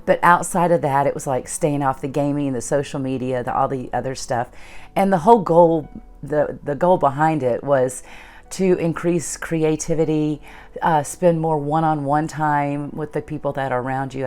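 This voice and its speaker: A woman's voice: deep voice, moderate pace, a little mellow, faint music behind. A middle-aged woman hosting her own channel, earnestly retelling a personal story and acting out the dialogue. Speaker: channel host.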